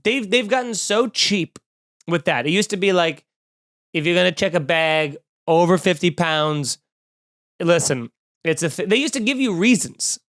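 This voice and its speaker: Snarky man ranting, smooth clear voice. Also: sits high, normal speed. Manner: snarky, animated, mocking voices in quotes. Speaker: comedian podcast host. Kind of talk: comedic rant.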